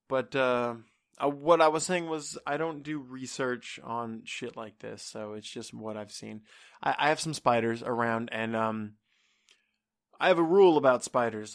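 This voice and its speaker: A man's voice: mid-range voice, moderate pace. A man hosting a solo comedy podcast from his apartment, rambling and swearing with lots of fillers. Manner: rambling and profane, with many fillers. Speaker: podcast host. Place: home apartment. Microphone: desk microphone.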